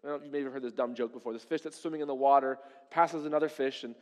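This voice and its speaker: A man's voice: mid-range voice, fairly even intonation, racing, big-room sound. A man preaching a sermon to a congregation in a conversational way, full of rhetorical questions. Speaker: pastor.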